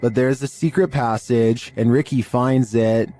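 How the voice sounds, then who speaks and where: A man doing scripted narration of eerie clips in a slow, ominous storytelling way. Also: medium pitch, steady tone.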